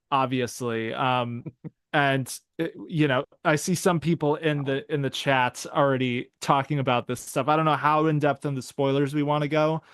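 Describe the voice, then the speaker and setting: A man co-hosting a live review show, agreeable and eager, speaking in quick bursts with fillers. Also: a little high, fairly bright tone, clean tone, no echo, studio quality. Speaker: podcast co-host. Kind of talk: casual review chat.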